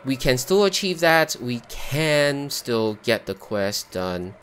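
A man's voice: medium pitch, big pitch swings, slow pace, a bit bright, slight background noise. A man hosting a gameplay video, talking himself through each cooking step and breaking into exasperated outbursts at glitches. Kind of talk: live gameplay commentary.

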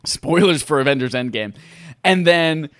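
A man co-hosting a podcast in casual chat, talking freely, laughing often and loudly acting out lines he quotes. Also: a little high, lively intonation, moderate pace, no echo. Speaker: podcast co-host.

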